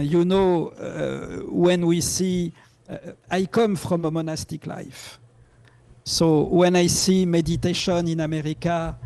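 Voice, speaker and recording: A man's voice: fairly high pitch, creaky, warm tone, no room sound. A man with a French accent teaching meditation in a live online class over a video call, repeating his key phrases earnestly and chuckling often.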